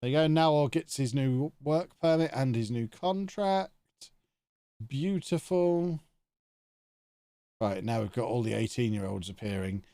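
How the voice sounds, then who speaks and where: A man's voice: medium pitch, fairly even intonation, fairly quick, few pauses, mellow, no room sound, studio quality. A man, talking to himself in chatty commentary while streaming a video game live. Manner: chatty, thinking aloud to himself.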